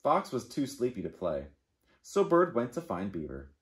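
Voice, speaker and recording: A man, a children's librarian, reading a picture book aloud to kids in an animated, playful way. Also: medium pitch, normal speed. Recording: echoey room.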